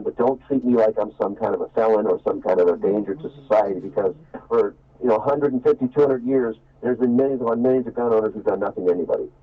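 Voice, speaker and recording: A man calling in to a talk show, earnest and rambling, restarting his sentences. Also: mid-range voice. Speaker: caller. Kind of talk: call-in opinion. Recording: tinny phone line.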